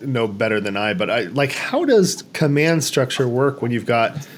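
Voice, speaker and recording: A man's voice: medium pitch, normal speed, a little hiss or hum. A man casually talking through a movie on a podcast, acting out characters' lines in a raised voice. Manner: animated, acts out quoted lines in raised voices. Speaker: podcast host.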